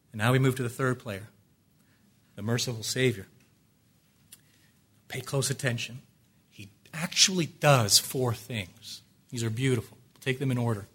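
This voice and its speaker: A man preaching a sermon, swinging from loud, ringing declarations down to hushed, pleading near-whispers. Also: mid-range voice, normal speed, long pauses, husky.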